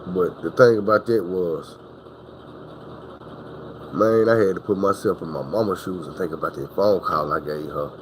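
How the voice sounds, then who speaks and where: A man tells a story in a loose, profane, meandering way. His voice sits on the low side. A faint noise hums behind him. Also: poor audio. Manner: profane, rambling, drawn-out. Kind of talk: casual storytelling.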